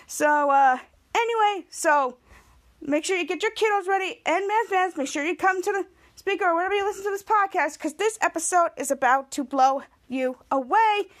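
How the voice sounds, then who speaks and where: A woman's voice: very high voice, moderate pace. A woman hosting a podcast, recapping a TV episode in a chatty, upbeat way and acting out the characters' lines as she retells them. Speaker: podcast host.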